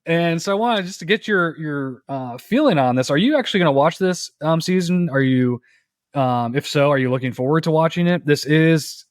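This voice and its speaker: A man co-hosting a podcast in casual chat, earnest and hesitant, with frequent pauses to find his words. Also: on the high side, lively intonation, dry recording, studio quality. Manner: hesitant, many ums and uhs, earnest. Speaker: podcast co-host.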